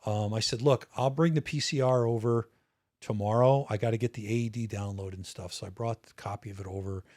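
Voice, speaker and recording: A man's voice: on the low side, fairly even intonation, fairly quick, a little mellow, no echo, clean studio sound. A middle-aged man, a retired state police officer, telling a personal story in a casual, candid podcast interview, swearing now and then and often restarting his sentences. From United States.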